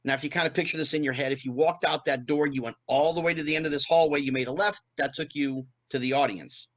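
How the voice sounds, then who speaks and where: A man in his fifties from New Jersey, a guest in an interview, telling a fast anecdote and acting out the quotes with big jumps in pitch. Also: steady tone, fairly bright tone, no room sound. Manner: fast storytelling with acted-out quotes, rising pitch on punchlines. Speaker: guest, former child actor.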